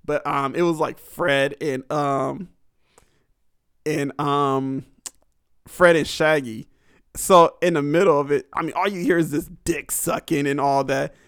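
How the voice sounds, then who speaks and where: A young man talks alone on his podcast, rambling crudely and laughing often between thoughts. His voice sits a little high. The sound is dry and close, with no room around it. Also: steady tone, measured pace, a bit bright, clean tone, no room sound. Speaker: podcast host. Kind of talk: casual solo podcast storytelling.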